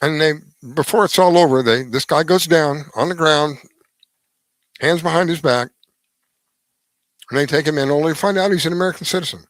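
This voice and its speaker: A man's voice: fairly high pitch, a little fast, long pauses, fairly bright tone, no room sound, rough recording. A middle-aged man hosting a radio show, giving a rambling opinion monologue with restarts and heavy emphasis.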